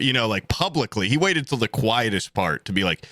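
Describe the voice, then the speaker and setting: A young man spins a comic story on a podcast, jumping between voices as he acts out each quote. His tone is bright and lively, with a low pitch and a lot of movement in it. The mic is close and the sound is dry. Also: fairly quick, dry recording. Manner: animated, acts out quotes, swears freely. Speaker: podcast co-host. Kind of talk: casual comedic storytelling.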